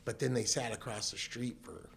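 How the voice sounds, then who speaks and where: Medium in pitch with some vocal fry, he speaks at a normal speed against slight background noise. The man, from Southern California, is a guest on a casual podcast interview, telling a story, voicing the people in it and frequently breaking into laughter.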